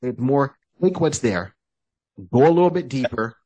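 A man's voice: medium pitch, expressive, normal speed, dark tone, dry recording. A man co-hosting a podcast, explaining eagerly and acting out quotes as he talks. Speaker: podcast co-host. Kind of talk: casual chat. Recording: dry close-mic podcast audio.

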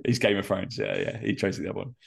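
Nasal, gravelly-voiced man. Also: deep voice, level tone, quick pace. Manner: rambling, full of fillers, laughs often. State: congested, nasal from a cold. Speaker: personal trainer and podcast host. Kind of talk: casual podcast chat.

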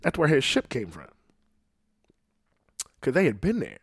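A man hosting a casual podcast, rambling and swearing freely, swinging between loud outbursts and low muttering into a podcast microphone. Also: wildly swooping pitch, unhurried, slightly rough, dry recording, clean studio sound. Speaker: podcast host.

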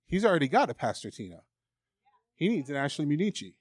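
A man's voice: fairly high pitch, very animated, fast, long pauses, no echo. Emphatic man preaching to a congregation. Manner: emphatic, candid, acts out mocking inner voices. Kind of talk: sermon.

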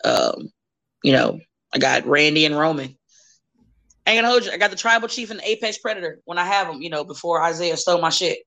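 A woman in her thirties, a wrestler guesting on a podcast, chatting bluntly and profanely with animated storytelling. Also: low voice, quick pace, vocal fry. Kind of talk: casual chat.

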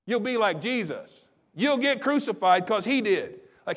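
Man, pastor, high-pitched voice, animated sermon delivery, repeats phrases. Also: measured pace, few pauses. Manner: animated preaching, acts out quoted voices, repeats phrases for emphasis.

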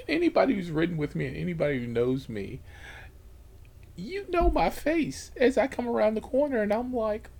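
A man's voice: high voice, very animated, moderate pace, gravelly, darkish tone. A man who hosts a channel, telling stories to the camera about driving for a ride service, swearing freely, laughing, and dropping into whispered asides. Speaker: rideshare driver and channel host. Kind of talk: casual storytelling to camera.

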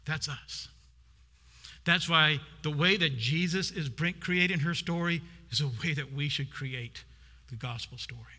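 A man's voice: on the high side, unhurried, pushed and bright. A man preaching a sermon, retelling a scripture story and acting out its people. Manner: storytelling, acts out the woman's voice. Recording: long hall reverb.

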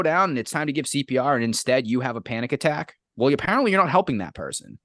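Man, casual podcast chat, profane exasperated rant, lively swooping pitch, dry close sound. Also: fast talker, few pauses, no room sound.

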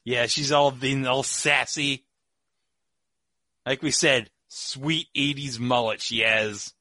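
Man, playful movie commentary, bright tone, dry close sound. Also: mid-range voice, steady tone, slow pace, no echo. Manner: playful, chimes in with short agreements. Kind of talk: casual commentary over a film.

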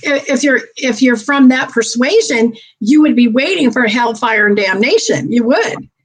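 A woman chatting casually as a guest, telling stories with lively quoted voices. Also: fairly high pitch, normal speed, husky. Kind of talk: casual chat.

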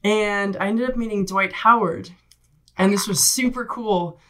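Woman, podcast guest, casual storytelling, animated, chatty. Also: mid-range voice, a little slow. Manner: animated, acts out quoted voices, laughs often. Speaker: guest, Olympic rower.

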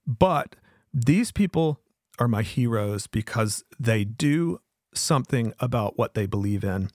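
A man's voice: medium pitch, expressive, measured pace, a little mellow, no echo, clean studio sound. A middle-aged man from the American South hosting his own show in an earnest, emphatic monologue that often repeats itself. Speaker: podcast host.

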